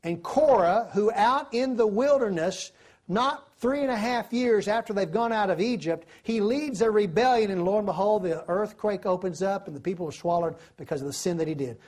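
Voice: medium pitch, moderate pace, a little mellow. A preacher, giving a sermon, telling stories and asking the listeners questions. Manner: storytelling, asks the listeners questions.

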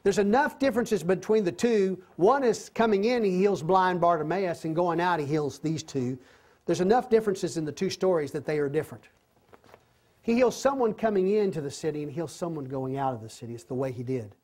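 A man teaching a Bible study, retelling the story with animated, repeated emphatic phrases. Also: high voice. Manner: softer, slower closing prayer.

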